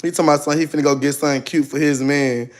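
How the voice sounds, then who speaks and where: Animated man livestreaming a dramatic story. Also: fairly high pitch, fast. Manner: animated, dramatic, loud outbursts.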